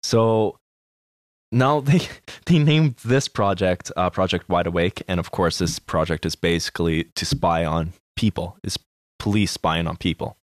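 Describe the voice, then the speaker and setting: A man's voice: low voice, unhurried, no room sound, clean studio sound. A man co-hosting a casual podcast, talking laid-back and swearing freely. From Canada. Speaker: podcast co-host. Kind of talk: casual news chat.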